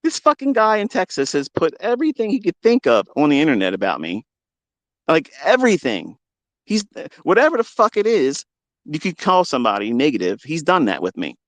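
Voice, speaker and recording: A man's voice: fairly high pitch, very animated, a little fast, no echo. A trading educator, a man, giving a profane, boastful, combative rant to his livestream viewers.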